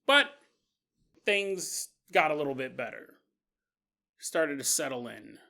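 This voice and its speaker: A man hosting a podcast, telling a spooky story in an animated, conversational, jokey way. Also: a little high, slow pace, vocal fry. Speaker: podcast host. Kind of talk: storytelling narration.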